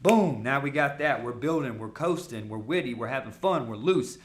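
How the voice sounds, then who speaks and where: A man teaching a sales masterclass in a casual, coaching way, often bursting into loud, high-pitched practice call openers. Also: lively intonation. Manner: casual, coaching, fast talk with fillers. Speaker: sales trainer.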